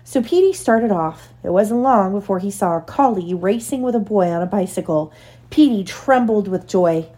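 Mellow mother reading a storybook aloud. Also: mid-range voice, lively intonation, normal speed. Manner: gentle storytelling with casual asides. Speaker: parent reading to her child. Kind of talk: bedtime read-aloud.

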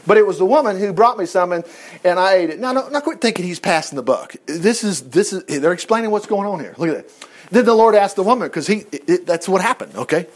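A man with a high-pitched, animated voice talks fast as he preaches a sermon, reading scripture aloud. He breaks off into folksy, exclaiming asides, speaking straight to his congregation.

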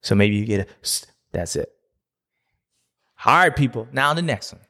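A man's voice: mid-range voice, moderate pace. Ranting, self-mocking male show host. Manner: animated, self-mocking, playfully grumpy. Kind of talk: casual ranting commentary.

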